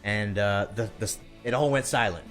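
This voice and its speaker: A man, telling a story in a drawn-out country storytelling voice and often asking "all right?". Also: lowish voice, a bit bright, soft background music. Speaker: podcast co-host.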